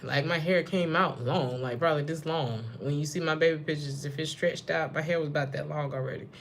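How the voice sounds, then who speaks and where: A young adult woman giving a tarot reading as casual chat. She is a slangy, wandering storyteller who often breaks into high, laughing outbursts. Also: steady tone, fairly quick, a little hiss or hum. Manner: slangy and digressive. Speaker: tarot reader.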